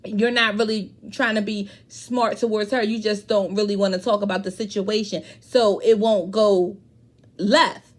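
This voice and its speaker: A woman giving a casual, blunt recap of a reality show, with slangy speech and frequent swearing. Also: a little high.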